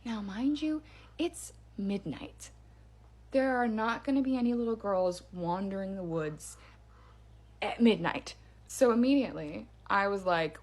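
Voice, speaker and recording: A woman telling her own spooky story in a casual, chatty way, with fillers and hushed drops for suspense. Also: mid-range voice, animated, a little slow. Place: parents' backyard by a campfire.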